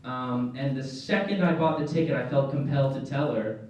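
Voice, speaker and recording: A man's voice: medium pitch, moderate pace, a little mellow. Young man rambling stand-up in an echoey room. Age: young adult. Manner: rambling, filler-heavy, self-deprecating delivery. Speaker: stand-up comedian. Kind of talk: stand-up comedy set. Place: college comedy club stage. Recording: echoey room, distant mic, faint noise.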